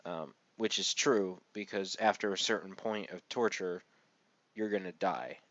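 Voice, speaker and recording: A man's voice: low voice, a little slow, fairly bright tone, no room sound, highs cut off. A man casually reviewing a manga chapter, rambling with many fillers and the occasional sarcastic aside.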